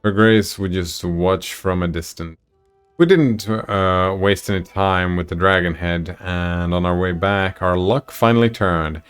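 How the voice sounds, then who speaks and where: Low-voiced man reading a text adventure aloud. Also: a little slow, fairly bright tone, clear, resonant tone, faint music behind. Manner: casual, reads narration and chats with viewers. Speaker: streamer.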